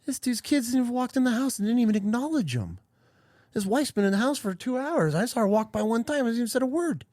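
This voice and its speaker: With an extremely high-pitched, darkish voice, a podcast host in his thirties talks fast and very animatedly, rambling emotionally through a candid personal story and cursing frequently. The recording is studio quality and free of echo.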